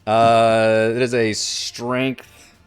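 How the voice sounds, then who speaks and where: A man's voice: mid-range voice, completely flat delivery, very slow, clear, resonant tone, no echo, faint music behind. A man running an online tabletop game as game master, talking casually and thinking aloud with many fillers.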